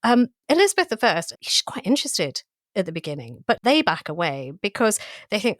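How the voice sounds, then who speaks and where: A woman's voice: mid-range voice, brisk, dry recording, clean studio sound. Playful woman co-hosting a history podcast. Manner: playful, teasing, animated storytelling. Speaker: podcast co-host. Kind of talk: casual history chat.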